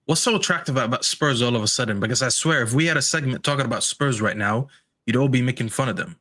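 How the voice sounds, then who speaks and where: A man's voice: mid-range voice, fast, bright, forceful tone. A man co-hosting a football podcast, cutting in with pointed questions. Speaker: podcast co-host. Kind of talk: casual football podcast debate.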